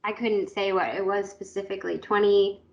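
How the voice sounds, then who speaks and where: A woman guest in a casual chat, excitedly reminiscing and laughing often. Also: mid-range voice, normal speed, gravelly. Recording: dull lo-fi sound.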